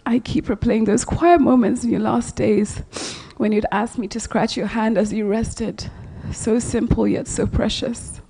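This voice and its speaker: Soft-spoken grieving woman, mellow voice. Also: on the high side, steady tone, measured pace, creaky, few pauses, a little hiss or hum. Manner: tender, soft, slipping into near-whispers. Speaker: mourner giving a eulogy. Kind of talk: funeral eulogy.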